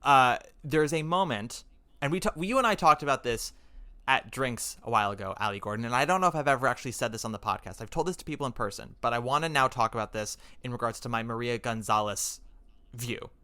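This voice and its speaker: A man hosting a casual podcast chat, animated and acting out the scenes he describes. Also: medium pitch, fast, smooth. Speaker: podcast host.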